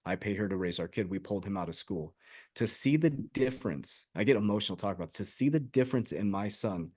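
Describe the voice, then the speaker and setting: A man's voice: lowish voice, lively intonation, quick pace, a little mellow. A man who works as a life coach, talking earnestly and emphatically in a podcast conversation.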